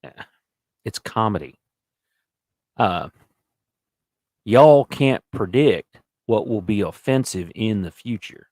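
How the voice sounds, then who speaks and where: A man's voice: fairly low pitch, animated, slow, pauses often, darkish tone, dry recording. A man co-hosting a podcast in casual chat, reading articles aloud with offhand asides. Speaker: podcast co-host.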